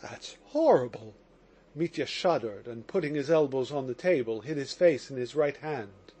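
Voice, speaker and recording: A man narrating an audiobook in a steady, lower reading tone. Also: moderate pace.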